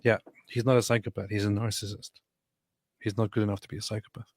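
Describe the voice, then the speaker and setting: A man's voice: fairly low pitch, flat delivery, fast talker, a little mellow, no echo, studio quality. A man hosting a casual livestream, reading viewer messages and rambling with many fillers and restarts. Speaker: livestream host. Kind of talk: casual livestream chat reading super chats.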